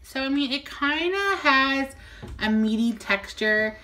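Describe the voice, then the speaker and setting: Bright-voiced woman chatting through a tasting. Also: sits high, lively intonation, takes it slowly, slight background noise. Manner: chatty, descriptive, fond of fillers like "like". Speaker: co-host of a vegan food review channel. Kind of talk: casual food-tasting chat.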